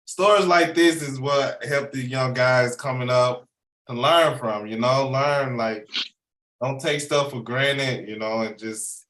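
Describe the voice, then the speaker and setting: A man's voice: medium pitch, takes it slowly, reverberant, poor audio. A man hosting a sports interview show, chatting casually and encouraging his guest, often saying "man". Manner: warm, encouraging, repeats "man". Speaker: host.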